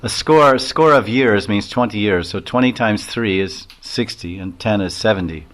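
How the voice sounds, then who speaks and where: A man's voice: lowish voice, moderate pace, fairly bright tone. A man giving a devotional lecture as a swami. He tells stories in a rambling way, with many chuckles and acted-out quotes.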